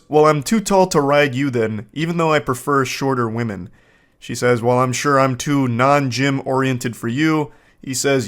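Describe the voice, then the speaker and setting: A man in his thirties giving comedic commentary while reading text messages, mostly deadpan but breaking into incredulous outbursts. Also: on the high side.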